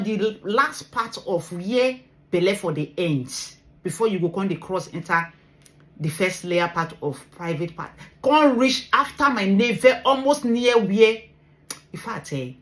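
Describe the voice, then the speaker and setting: A woman's voice: medium pitch, big pitch swings, a little slow, a bit bright. A Nigerian woman in a vlog, earnestly retelling a personal story with emotion, mixing English and pidgin. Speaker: vlogger sharing her medical story.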